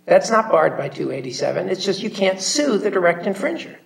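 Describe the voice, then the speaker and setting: Gravelly judge interrupting from afar. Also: mid-range voice, very animated, fairly quick. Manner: interrupting, explaining the law firmly. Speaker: appellate judge. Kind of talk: judge questioning counsel. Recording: voice picked up from a distance.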